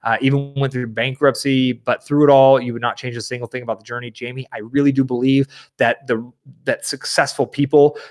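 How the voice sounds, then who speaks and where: A man hosting a live stream, reading viewer comments and answering in a rambling, animated way. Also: mid-range voice, a little fast. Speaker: livestream host. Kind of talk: casual live Q&A.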